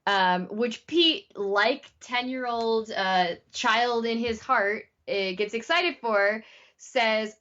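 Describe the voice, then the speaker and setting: A woman co-hosting a podcast, recapping a TV episode in a casual, animated way with lots of fillers. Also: a little high, slow, muffled recording. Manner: animated retelling, many "like" fillers. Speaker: podcast co-host.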